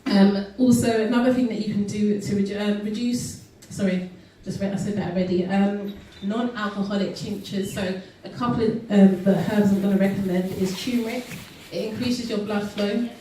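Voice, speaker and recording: A woman speaks earnestly at an event, talking casually with many ums and self-corrections. Her voice is mellow and dark. She is recorded from a distance in a very echoey hall. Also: medium pitch, steady tone, moderate pace, few pauses, slight background noise. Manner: earnest, with frequent ums and restarts. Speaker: guest speaker. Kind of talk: casual health talk to an audience.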